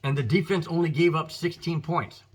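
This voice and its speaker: Male American host, fired-up football rant, husky bright voice, a touch high. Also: moderate pace. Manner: emphatic, frustrated, addresses viewers as guys. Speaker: sports podcast host. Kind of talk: opinionated football commentary.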